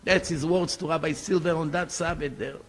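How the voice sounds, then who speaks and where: Over soft background music, a man with a fairly high-pitched voice speaks at normal speed, delivering sermon stories as a rabbi. His English has slips of grammar typical of a non-native speaker, and he brings the tales to life by performing the quoted characters' voices.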